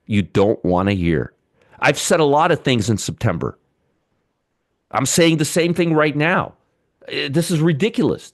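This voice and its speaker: A man hosting live market commentary, ranting sarcastically and muttering over charts as he reads them. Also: on the high side.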